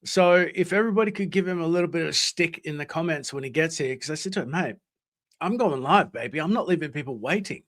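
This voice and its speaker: A man's voice: fairly high pitch, animated, fast talker, fairly bright tone. An Australian man hosting a live stream, chatting casually, swearing freely and reading out comments from chat. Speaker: livestream host.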